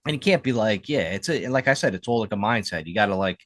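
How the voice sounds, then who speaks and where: Fast-talking joking podcast man. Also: on the low side, lively intonation, dry recording, studio quality. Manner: brash, joking, swearing. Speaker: podcast co-host. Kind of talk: casual chat.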